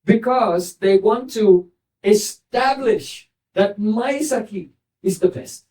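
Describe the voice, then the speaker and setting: A man with a high, mellow voice retells and explains a sacred story in a gentle storytelling way. He sounds set back from the microphone. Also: slow pace. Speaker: spiritual teacher. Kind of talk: scripture storytelling lesson. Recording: voice distant from the mic.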